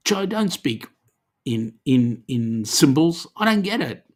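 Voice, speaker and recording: A man's voice: fairly high pitch, sing-song, slow, darkish tone. An Australian man hosting a casual livestream, reading viewer comments aloud in a chatty, easygoing way with lots of ums. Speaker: livestream host.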